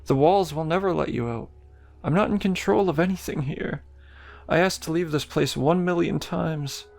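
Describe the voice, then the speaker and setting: A man voicing a gentle, eerie girl spirit. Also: on the high side, normal speed, gravelly, faint music behind, pitched above the performer's own voice. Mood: sad, pleading. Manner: soft, pleading, sweetly sad.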